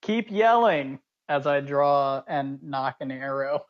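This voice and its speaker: A man playing in a tabletop game, calmly talking through his character's actions step by step. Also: medium pitch, slow, lo-fi sound. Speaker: player. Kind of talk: casual game talk.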